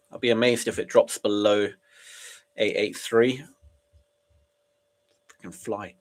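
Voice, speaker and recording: A young man with a cold, casually narrating his live trading and chatting with viewers. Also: medium pitch. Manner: casual, chatty, reads chat aloud and reacts. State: sniffly with a cold. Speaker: day trader streaming live. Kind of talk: live trading stream commentary.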